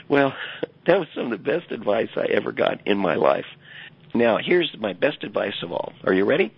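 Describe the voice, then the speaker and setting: An older man, a leadership coach and guest, telling stories with animated emphasis over dull lo-fi audio. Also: mid-range voice, a little fast, vocal fry, husky. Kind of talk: storytelling interview answer.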